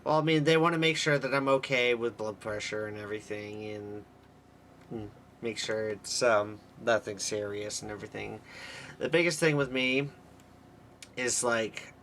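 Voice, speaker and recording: A man's voice: on the low side, moderate pace, a bit bright, slight background noise. A young man streaming live, chatting candidly and rambling with his viewers and laughing easily. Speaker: livestreamer. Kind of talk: casual live stream chat.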